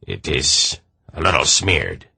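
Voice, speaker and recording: Man doing a strutting army captain, belligerent, smug, very deep, slow. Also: sing-song, gravelly, bright, forceful tone, breathy edge, dry recording, heavily acted. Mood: suspicious. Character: short strutting suspicious male army captain.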